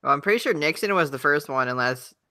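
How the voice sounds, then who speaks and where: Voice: medium pitch, lively intonation, fast talker, sharp tone. A podcast co-host in casual chat, teasing and laughing often in playful banter.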